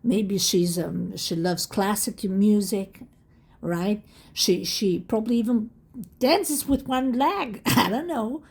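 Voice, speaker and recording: A woman giving a casual tarot reading straight to her viewers, excited and emphatic, repeating her points. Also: medium pitch, slow, vocal fry, breathy edge. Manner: excited, emphatic and repetitive, addressing viewers directly. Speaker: tarot reader.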